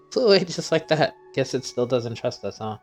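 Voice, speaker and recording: A man's voice: mid-range voice, sing-song, moderate pace, faint music behind. A man hosting a gaming channel, playfully reading every character's dialogue aloud himself while playing and laughing often.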